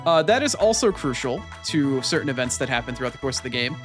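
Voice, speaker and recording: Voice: mid-range voice, lively intonation, quick pace. A gaming streamer chatting casually and rambling through a playthrough, swearing freely and joking about themself, with game music in the background. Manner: rambling, profane and self-deprecating. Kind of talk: casual let's-play commentary.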